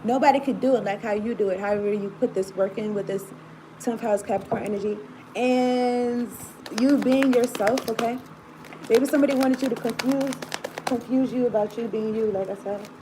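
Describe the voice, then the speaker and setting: A woman with a fairly high voice reads tarot at a normal speed while background noise runs underneath. Her reading is casual and rambling, full of laughter, asides, and direct talk to the viewer.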